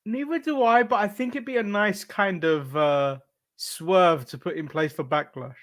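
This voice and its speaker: Male podcast co-host, slightly raised pitch, giggly and hesitant. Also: normal speed, fairly bright tone, dry recording, clean studio sound. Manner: laughs often, hesitant with fillers. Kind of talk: casual wrestling podcast chat.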